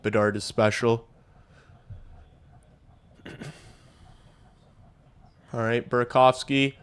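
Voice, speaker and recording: Excitable young man calling hockey live. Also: medium pitch, a little slow, long pauses, clear, resonant tone. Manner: excitable, swears freely, talks to chat. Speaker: livestream hockey watch-along host. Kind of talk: casual live play-by-play reaction.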